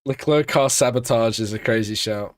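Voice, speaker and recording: A man hosting a live race watch-along, reacting with loose, slangy excitement and wrapping up the coverage. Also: mid-range voice, normal speed, no echo, clean studio sound. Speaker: host.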